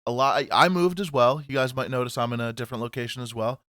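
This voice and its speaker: A man's voice: medium pitch, fast, no echo, clean studio sound. Casual swearing podcast guy. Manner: rambling, swears, laughs loudly. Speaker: podcast co-host. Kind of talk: casual chat.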